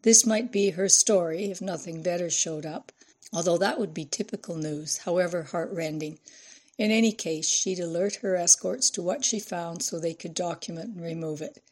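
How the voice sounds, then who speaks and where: A woman reading a novel aloud in measured, expressive scripted narration. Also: fairly low pitch, breathy edge. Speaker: audiobook narrator.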